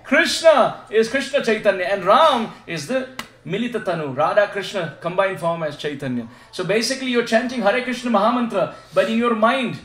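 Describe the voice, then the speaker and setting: High-voiced man leading a devotional sermon. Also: expressive, fairly quick, fairly bright tone. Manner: asks the audience questions and leads them in repeating chants. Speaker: visiting spiritual teacher. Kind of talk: devotional sermon with call-and-response. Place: devotee's home, gathering room. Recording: echoey room sound.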